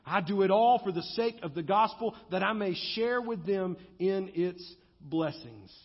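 A male pastor preaches, swelling and easing in intensity. His voice sits fairly high and has a husky edge. The dull recording carries a long reverb from the church hall. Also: normal speed. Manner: preaching with rising and falling intensity, acting out quotes. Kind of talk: sermon.

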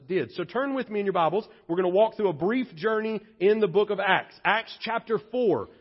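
A male pastor delivering a relaxed, conversational sermon, switching now and then into playful acted voices. His voice sits high and has a husky edge. The recording sounds a little dull, like ordinary church audio. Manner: conversational, playful, acts out quotes in funny voices.

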